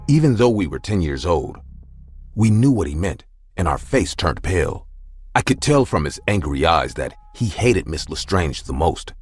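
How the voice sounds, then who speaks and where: A man telling a first-person story in an expressive, steady way. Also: sits low, breathy edge.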